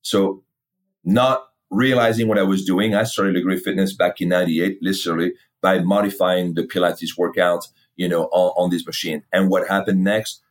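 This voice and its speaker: A man's voice: low voice, steady tone, moderate pace. A middle-aged man, a fitness company founder, telling his story in a casual interview, candid and cursing freely while acting out old conversations. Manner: candid, swears freely, acts out past dialogue.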